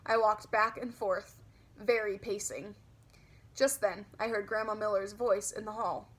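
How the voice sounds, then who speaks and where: A woman narrating a children's audiobook in a lively, childlike storytelling manner. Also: mid-range voice, measured pace, breathy edge.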